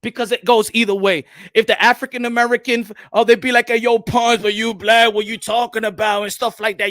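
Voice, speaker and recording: A man hosting a boxing channel, giving animated livestream commentary, switching between English and Spanish and repeating phrases for emphasis. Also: very high-pitched, dry recording, clean studio sound.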